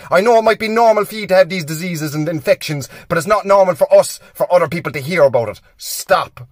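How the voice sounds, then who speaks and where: Cheeky young Cork comedian, fairly high voice. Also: male voice, dry recording, clean studio sound. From Ireland. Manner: quick, cheeky storytelling. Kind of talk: stand-up sketch monologue.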